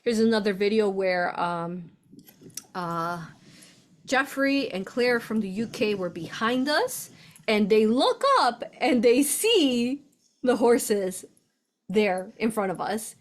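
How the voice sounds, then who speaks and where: A woman hosts a casual spiritual livestream at an ordinary mid pitch. She talks in eager, emotional bursts, keeps turning to her viewers, and laughs often as she goes. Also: takes it slowly. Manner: excited and emotional, repeats "you all", laughs often. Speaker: spiritual channel host.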